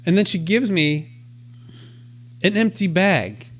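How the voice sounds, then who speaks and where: A man with a somewhat high voice co-hosts a casual podcast. He tells his story in an animated, self-deprecating way and voices his own inner thoughts as he goes. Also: takes it slowly. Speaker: podcast co-host. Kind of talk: casual chat.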